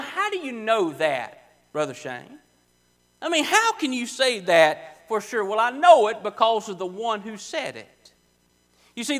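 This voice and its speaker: A man preaching a sermon in church, emphatic and repetitive, slowing down to stress key words. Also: high voice, sharp tone. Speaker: pastor. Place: church sanctuary.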